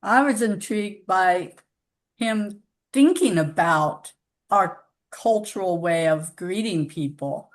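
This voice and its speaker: A woman's voice: medium pitch, slow. A woman hosting a spiritual discussion group, talking casually and acting out little everyday exchanges to make her points. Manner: animated, acts out little dialogues when making a point.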